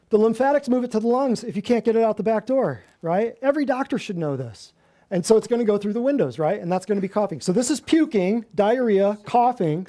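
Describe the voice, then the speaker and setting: This man's voice sits high as he teaches a class in an office, a natural health practitioner giving a lively lecture to a handful of live listeners. He keeps things animated, firing questions at them and joking and laughing along the way.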